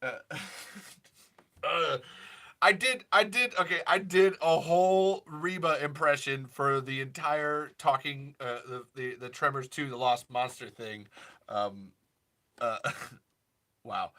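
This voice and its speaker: A man's voice: on the high side, takes it slowly, bright, forceful tone. A man hosting a casual livestream chat. He is giggly and rambling and often breaks off mid-sentence. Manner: giggly, rambling, self-interrupting. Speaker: host.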